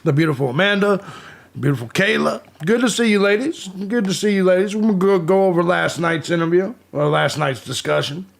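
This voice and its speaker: A loud man hosting a casual live stream, with a voice pitched high for a man and a gravelly fry. He swears freely and greets viewers in the chat by name. His breathing is audible, and his desk mic sits a little back from his mouth. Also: brisk. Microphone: desk mic pushed back from the mouth.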